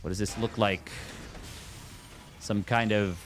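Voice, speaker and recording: A man casting a strategy game tournament on his own, jokey and excitable, riffing between plays. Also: fairly low pitch, slow, pauses often, faint music behind. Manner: jokey, excitable, riffs and sing-songs. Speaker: esports caster. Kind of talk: solo game commentary.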